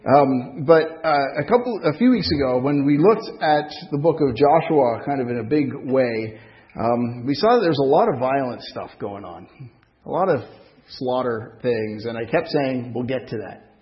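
A man's voice: mid-range voice, lively intonation, moderate pace, highs cut off. A man with a French accent preaching a sermon in a church hall, talking conversationally and putting questions to the congregation. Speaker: pastor.

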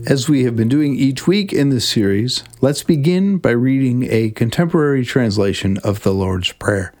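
Measured man teaching Scripture on a podcast. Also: medium pitch, lively intonation, darkish tone, soft background music. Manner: measured, reflective, reads scripture slowly. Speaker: podcast host. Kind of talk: devotional Bible teaching podcast.

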